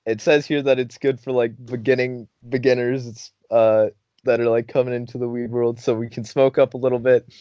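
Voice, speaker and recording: A man's voice: medium pitch, fairly quick, clean tone, no room sound, dull audio. A young man hosting a podcast, telling a funny story casually, cursing often and laughing as he goes. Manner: laughing, profane, animated storytelling. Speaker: podcast host.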